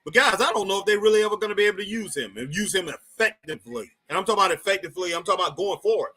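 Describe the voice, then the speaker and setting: Man, high bright voice, rambling live stream talk to chat. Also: very fast, husky. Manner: chatty, repeats phrases, talks to chat viewers. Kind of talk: casual live wrestling chat.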